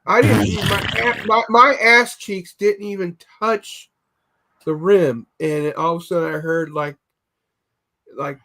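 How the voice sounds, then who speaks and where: A man's voice: high voice, fairly even intonation, measured pace, pushed and bright. A man on a casual streamed podcast chat, telling rambling comic stories and stumbling over repeated words. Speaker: podcast co-host.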